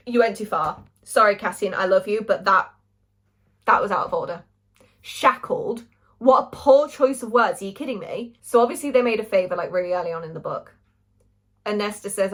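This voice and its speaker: A woman's voice: mid-range voice, moderate pace, long pauses, fairly bright tone. A young woman reviewing a book in casual, gushing chat, swearing freely.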